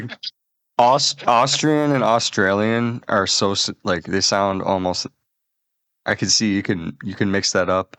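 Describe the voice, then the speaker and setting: A man's voice: on the low side, steady tone, unhurried, fairly bright tone, clear, resonant tone, dry recording. A man hosting a comedy podcast, bantering crudely and rambling in casual chat. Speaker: podcast host.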